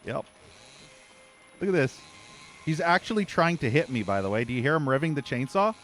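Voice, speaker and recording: A man's voice: a little high, very animated, a little fast, fairly bright tone, slight background noise. A man streaming a horror game, ranting with angry, profane commentary and exasperated sighs as he plays. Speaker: gaming streamer.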